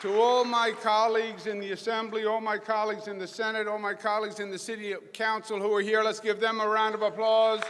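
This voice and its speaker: A man's voice: sits high, little pitch movement, fairly quick, hardly any pauses, background noise. Emphatic Queens-accented man in a hall. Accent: New York, Queens. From New York. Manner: folksy, emphatic, punchy crowd-rousing delivery. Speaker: politician giving a speech. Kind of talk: rally speech. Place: large hall with a live audience. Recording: echoey hall PA sound.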